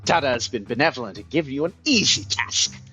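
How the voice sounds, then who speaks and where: A man voicing a pompous male office boss in a deliberately bad put-on French accent, speaking in a theatrical, grandiose way. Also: medium pitch, lively intonation, sharp tone, slightly rough. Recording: slightly muffled, music faint.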